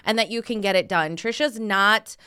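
A woman's voice: mid-range voice, normal speed, pushed and bright, clean tone. A woman hosting a podcast, chatting casually and encouragingly with her guest. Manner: encouraging, chimes in often. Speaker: podcast host.

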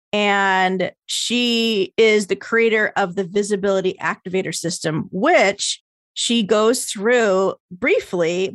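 A woman's voice: medium pitch, dry recording, clean studio sound. An American woman hosting a podcast interview, chatty and casual, laughing often and swearing freely. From United States. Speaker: podcast host.

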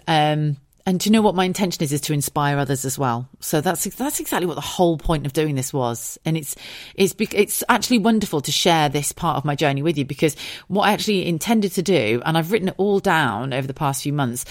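Podcast host: a woman in her forties with a low voice, frank and sweary, recorded dry and close. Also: expressive, brisk, no room sound. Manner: candid, chatty, swears, goes off on tangents. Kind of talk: casual solo podcast monologue.

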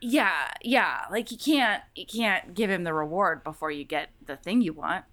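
Expressive woman tossing in quick quips. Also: fairly low pitch. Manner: reactive listener, gasps and quick jokey asides. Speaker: podcast co-host. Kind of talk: casual chat.

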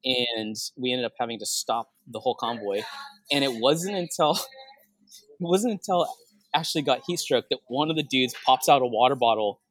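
In a medium-pitched voice at normal speed, a young podcast host chats casually, laughing as he tells lively stories.

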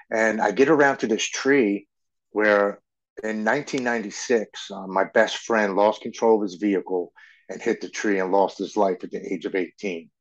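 A man's voice: fairly low pitch, fairly even intonation, normal speed, muffled recording. A man in his forties, a podcast guest telling a personal story in an earnest way, often stumbling and repeating words. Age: 40s.

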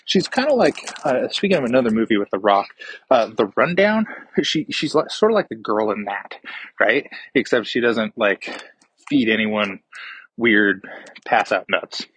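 A man's voice: lowish voice, animated, moderate pace, fairly bright tone, slightly rough, poor audio. A man recapping a movie plot in a casual, rambling way, swearing freely and trailing off into fillers and restarts. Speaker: podcast movie reviewer.

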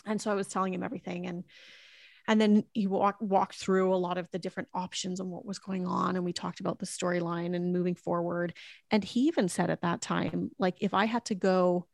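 Earnest woman, low gravelly voice. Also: flat delivery, a little fast, a little mellow, dry recording, studio quality. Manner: earnest, emotional, reflective with restarts. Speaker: mother sharing her story. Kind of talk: heartfelt podcast conversation.

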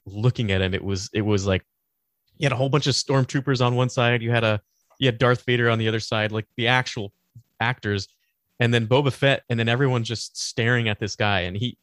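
A man's voice: mid-range voice, steady tone, fairly quick, a bit bright, no room sound, clean studio sound. A man co-hosting a casual podcast chat, rambling with many restarts. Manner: rambling, restarts often, laughs easily. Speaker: podcast co-host.

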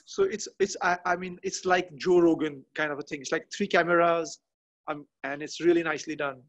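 A man chatting as a podcast guest from a garden outdoors, halting and often restarting as he searches for words. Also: a little high, steady tone, muffled recording. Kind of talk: casual interview chat.

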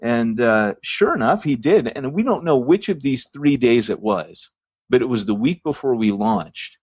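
A man's voice: mid-range voice, expressive, normal speed, darkish tone, breathy edge, dry recording. A man hosting a podcast, telling a long church story in a rambling, casual way with many ums and restarts. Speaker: podcast host. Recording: dry, dull lo-fi sound.

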